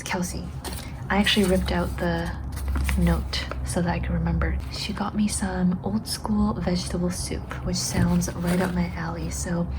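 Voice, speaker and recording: A woman's voice: fairly low pitch, background noise. Tired, half-whispering woman vlogger. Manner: soft, half-whispered, emotional thanks. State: tired, a little hoarse. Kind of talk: casual vlog talk to camera.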